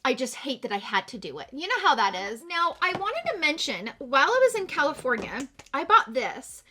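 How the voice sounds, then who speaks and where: A middle-aged woman with a bright, somewhat high voice talks straight to her viewers as she does her makeup. She sounds chatty and heartfelt, tearful after a morning of crying. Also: sing-song, normal speed, a little hiss or hum. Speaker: beauty vlogger. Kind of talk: casual get-ready-with-me chat.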